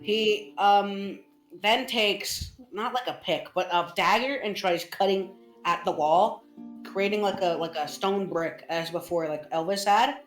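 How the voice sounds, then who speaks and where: A woman's voice: medium pitch, measured pace. A woman narrating a tabletop game as game master, rambling with many restarts. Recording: roomy with faint music.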